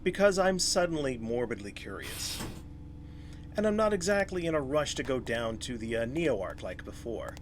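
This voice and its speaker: A man's voice: medium pitch, very animated, normal speed, slight background noise. A man in his thirties giving casual let's-play commentary, talking to himself and to enemies and laughing often. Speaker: gameplay streamer.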